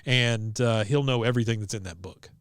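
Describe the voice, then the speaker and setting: A man's voice: mid-range voice, fairly quick, clean tone, dry recording, clean studio sound. A man co-hosting a podcast, recapping an episode in casual chat and acting out the characters' lines with lots of "uh". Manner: animated storyteller, acts out quotes, frequent "uh". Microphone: desk mic on video podcast.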